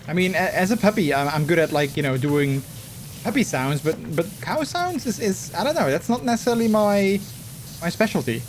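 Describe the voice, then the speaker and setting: A man's voice: sits high, big pitch swings, brisk, a little hiss or hum. A man with the hiccups chatting casually on a live stream, rambling through his stories with many restarts. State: has the hiccups.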